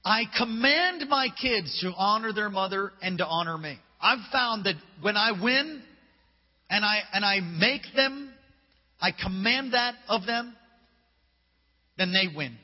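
A high-pitched male pastor delivers an emphatic, casual sermon, acting out the dialogue as he goes. His voice carries a long reverb through a church sanctuary. The recording is dull and lo-fi. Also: expressive, unhurried. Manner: emphatic, casual preacher who acts out dialogue. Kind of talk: sermon with storytelling.

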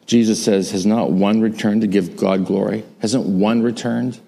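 Man, pastor, sermon, emphatic repetitive cadence, lowish voice, middle-aged. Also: fairly even intonation, normal speed, vocal fry, warm tone, husky. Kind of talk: sermon and closing prayer.

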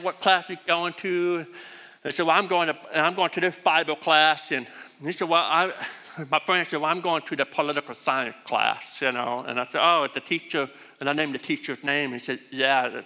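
A middle-aged male preacher with a slightly high, bright, forceful voice gives a sermon built around a personal story, recorded with long hall reverb. His voice is distinctive, though he calls it bad himself, and he rambles and repeats words as he goes.

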